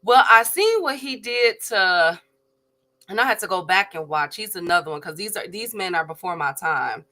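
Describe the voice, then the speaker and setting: A woman co-hosting a casual boxing talk stream, musing slowly with frequent pauses and fillers. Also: on the low side, lively intonation, sharp tone. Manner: slow and musing, many hesitations. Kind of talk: casual live stream banter.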